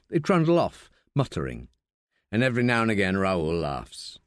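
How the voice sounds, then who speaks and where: Male audiobook narrator, measured, lively pitch, dry close studio sound. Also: no room sound. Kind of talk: scripted narration.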